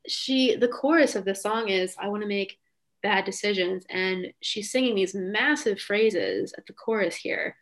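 A woman's voice: medium pitch, a little slow, a bit bright. A young adult woman hosting a podcast in casual chat, talking enthusiastically with frequent "um" and "like". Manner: enthusiastic, lots of "um" and "like". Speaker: podcast host.

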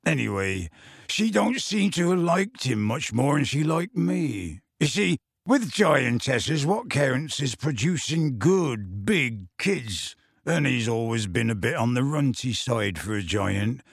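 A man voicing a huge, gentle half-giant man who is anxious and close to tears, speaking in hushed, earnest tones with rustic grammar. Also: mid-range voice, very animated, slow, creaky, slightly rough, no echo, exaggerated voice.

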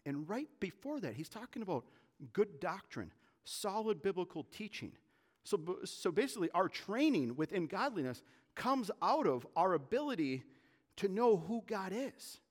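Male pastor, sermon. Slightly high, very animated, gets fired up. Long reverb of a big room. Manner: animated, gets worked up, fast bursts of indignation.

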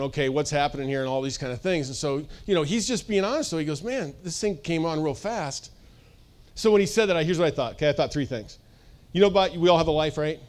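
A middle-aged man preaching a sermon as pastor, energetic and conversational, joking with the congregation. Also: a little high, smooth. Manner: energetic, conversational, sings snippets and jokes with the audience.

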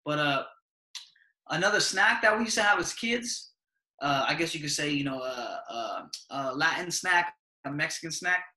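A man's voice: a little high, lively intonation, normal speed, sharp tone, echoey room. A young man in casual podcast chat, telling stories with lots of slang and frequent laughs. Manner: laid-back slang-heavy storytelling, laughs often. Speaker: podcast host.

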